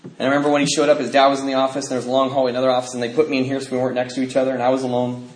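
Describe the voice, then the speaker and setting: A man's voice: medium pitch, completely flat delivery, racing. A man telling a personal recovery story at a meeting, rambling with restarts and acting out other people's lines. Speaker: speaker sharing a recovery story. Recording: roomy echo, faint noise.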